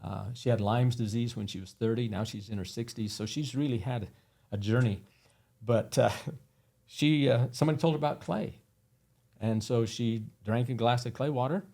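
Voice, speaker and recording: A man guesting on an interview, telling earnest anecdotes in a relaxed way with many fillers. His voice is gravelly and somewhat husky. It sits at a middle pitch with a dark, mellow tone. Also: normal speed. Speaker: guest, company founder. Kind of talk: casual interview storytelling.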